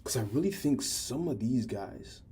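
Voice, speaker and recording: A man's voice: mid-range voice, animated, moderate pace, warm tone, slight background noise. A teenage guy in casual chat, talking candidly and rambling with frequent restarts. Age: teens.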